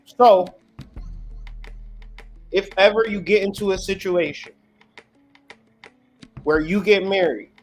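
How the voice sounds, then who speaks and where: A man's voice: sits high, slow pace, long pauses, soft background music. A man hosting his channel, giving a profane, preachy monologue in an emphatic style. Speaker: host.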